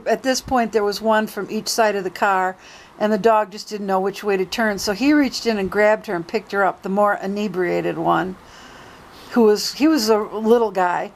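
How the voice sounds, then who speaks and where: A woman's voice: mid-range voice, rough recording. A woman recording a daily vlog, relating a long story in a casual, chatty way. She slips quoted dialogue into the telling. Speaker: vlogger.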